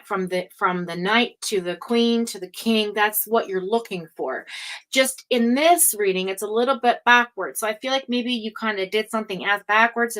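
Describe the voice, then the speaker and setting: A woman's voice: mid-range voice, a bit bright, low-quality recording. A woman giving a casual, rambling tarot reading, full of fillers and asides. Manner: chatty, rambling, frequent fillers and laughs. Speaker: tarot reader.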